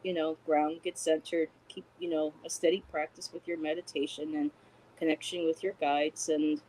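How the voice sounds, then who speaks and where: A woman talking as a guest on a spiritual chat stream, gentle and encouraging, with many pauses and fillers. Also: sits low, flat delivery, slight background noise, rough recording. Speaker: guest intuitive reader.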